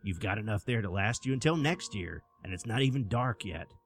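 A man's voice: lowish voice, expressive, brisk, a little hiss or hum. A man voicing a good-humored father who takes his son trick-or-treating. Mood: proud. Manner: teasing, then stern.

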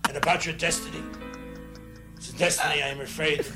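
A woman's voice: sits low, level tone, fairly quick, over loud music, close to an everyday voice. An actress playing a secretive, regretful old grandmother with a German accent, from a film soundtrack. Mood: grave. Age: older. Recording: film audio with loud score.

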